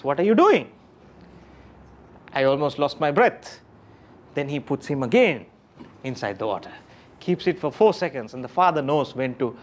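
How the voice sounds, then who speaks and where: A man giving a motivational talk to a live audience, questioning them often and repeating key phrases for emphasis. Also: medium pitch. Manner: animated, keeps questioning the audience. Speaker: motivational speaker. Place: lecture room with audience.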